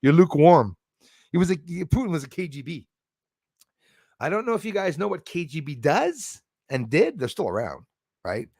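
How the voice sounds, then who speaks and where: A man from Canada rambles through a livestream in a heated, blunt way, often restarting his sentences. His voice is gravelly and sits a little high. The sound is dry and close. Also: big pitch swings, moderate pace, a little mellow, no echo. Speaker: livestream host reading chat. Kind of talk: casual livestream talk.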